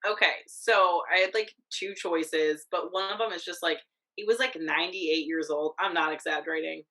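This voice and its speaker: A young woman co-hosting a podcast, telling a story in casual chat, animated, swearing freely, with lots of filler words. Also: lowish voice, moderate pace, rough recording. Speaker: podcast co-host.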